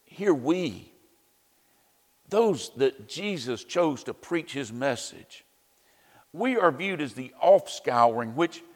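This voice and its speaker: A man delivers a sermon at a slow, deliberate pace, his voice swinging widely in pitch. He keeps it conversational, with wry asides and plenty of "you know"s. The sound carries a long reverb, like a large hall. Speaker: preacher.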